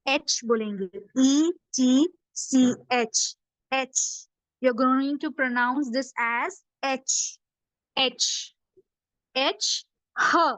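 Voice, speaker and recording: High-pitched and a bit bright, a woman's voice comes through with no echo as she runs a phonics lesson. She patiently repeats each letter sound for young learners, drilling them slowly over and over.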